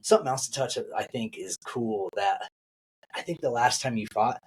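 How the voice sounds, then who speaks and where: A man co-hosting a podcast, retelling family stories in casual chat, laughing and throwing his voice high for quotes. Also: animated, moderate pace, husky. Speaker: podcast co-host.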